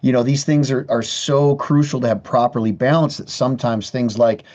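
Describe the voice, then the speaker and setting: Man guest, candid and profane, mid-pitched, slightly dull lo-fi sound. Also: steady tone, moderate pace, darkish tone. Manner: candid, profane, many restarts. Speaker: guest guitarist. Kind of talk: casual conversational interview.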